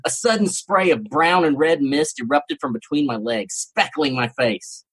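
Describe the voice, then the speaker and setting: A man's voice: on the high side, lively intonation, normal speed, a bit bright, breathy edge. A man hosting a podcast, giving a theatrical first-person story reading with mock-serious relish. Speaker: podcast host.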